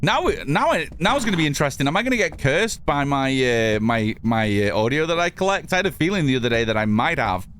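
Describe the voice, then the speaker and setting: This man from the north of England has a mixed northern English accent and streams his gameplay, chatting with viewers, reading chat aloud and casually swearing. He's a fast talker with hardly any pauses, expressive and on the high side, with a fairly bright tone. A little hiss or hum can be heard.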